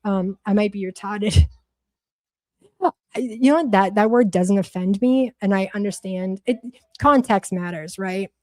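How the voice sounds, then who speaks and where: A woman's voice: mid-range voice, unhurried, darkish tone, dry recording. A woman from Massachusetts with a Boston accent, chatting bluntly and profanely on a livestream, rambling with lots of restarts. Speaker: livestream host. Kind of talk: casual livestream chat.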